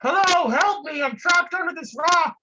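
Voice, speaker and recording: A performer voicing a panicked person pinned under a rock, yelling shrilly for help in a comic piece. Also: very high-pitched, normal speed, lo-fi sound, very noisy, voice pushed up.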